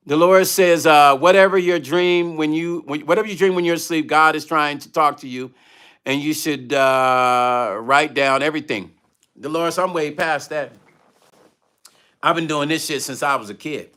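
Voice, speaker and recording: Man, middle-aged, high voice, bright tone, passionate livestream storyteller, repeats himself. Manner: passionate, repeats phrases, thanks donors mid-story. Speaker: music vlogger on a livestream.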